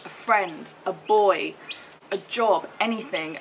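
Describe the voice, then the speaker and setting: A woman's voice: mid-range voice, slow pace, a little hiss or hum. A young woman from the UK, a travel vlogger chatting to camera in an upbeat, casual way, full of likes and fillers. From United Kingdom. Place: outdoors in the sun, later indoors.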